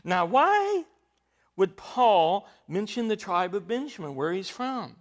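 A man's voice: high-pitched, very animated, slow. A man preaching a sermon, teaching from scripture in an emphatic way, with frequent rising bursts of emphasis.

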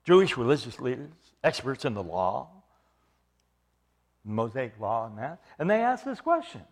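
A man's voice: mid-range voice, very animated, moderate pace. A man preaching an expository sermon, emphatic, repeating phrases for stress and putting questions to his listeners.

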